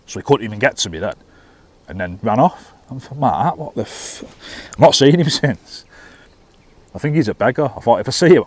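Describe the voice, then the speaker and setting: A fairly low-voiced man spins a lively story in casual vlog talk. He swears freely, laughs along, and stumbles over restarts as he goes. He sounds like a fishing vlogger chatting to camera outdoors by a lake. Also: no echo. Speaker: fishing vlogger and bus driver.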